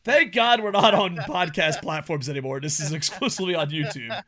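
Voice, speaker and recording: A man co-hosting a podcast in casual chat, loud and laughing, swearing through fast banter. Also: a little high. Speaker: podcast co-host.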